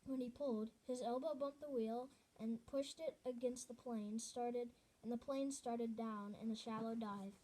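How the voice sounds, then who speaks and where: A woman's voice: fairly high pitch, fairly even intonation, a little slow, few pauses, warm tone, a little hiss or hum. A woman reading a novel aloud in an earnest way, often restarting and correcting herself mid-sentence. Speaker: reader.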